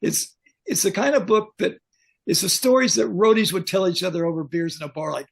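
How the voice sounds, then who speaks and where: Speaking a little fast in a high voice with vocal fry, an older veteran pyrotechnics technician shares blunt, joking anecdotes with animation in a relaxed video-call interview.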